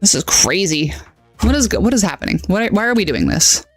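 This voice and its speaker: Woman game streamer, nasal, lively pitch swings, joking and fed up with her gear, dry close sound. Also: brisk, slightly rough, no room sound, faint music behind. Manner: animated, self-deprecating, exasperated at tech trouble. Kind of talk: casual live-stream chat while gaming.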